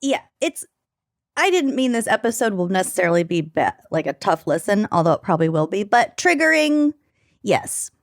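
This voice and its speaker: Woman, podcast co-host, casual chat, joking, animated pitch, dry recording. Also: no room sound. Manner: joking, quick to laugh.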